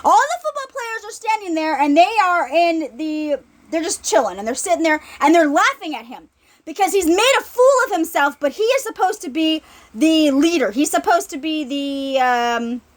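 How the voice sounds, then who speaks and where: A woman preaching in a loose, conversational way, with a very high voice that swings up and down. She repeats herself, restarts her sentences and keeps checking in with her listeners. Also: lively intonation, moderate pace. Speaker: ministry speaker. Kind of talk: informal sermon.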